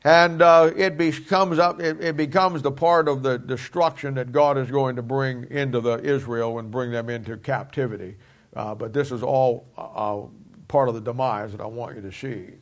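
Middle-aged male preacher, emphatic teaching sermon, medium voice, drops quieter for asides. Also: mid-range voice, fairly even intonation, normal speed. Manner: emphatic, repeats key phrases.

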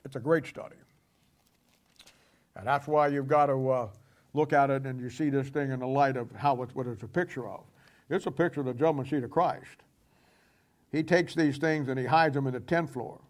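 A man preaching a sermon emphatically, voice dropping low and soft at the ends of points. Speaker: pastor.

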